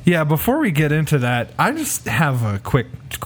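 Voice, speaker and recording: Male podcast co-host, mid pitch, loose rambling conversational read. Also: huge pitch swings, moderate pace, breathy edge. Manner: rambling, restarts, casual swearing. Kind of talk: casual chat.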